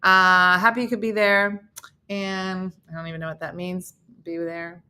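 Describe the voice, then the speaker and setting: A woman's voice: fairly low pitch, level tone, unhurried, bright, forceful tone. A middle-aged woman with a New Jersey accent, hosting a casual live morning show and chatting with viewers in a self-mocking way.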